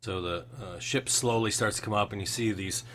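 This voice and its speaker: A man narrating as game master of a tabletop game, halting with many fillers and restarts. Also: lowish voice, fairly bright tone. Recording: faint background music.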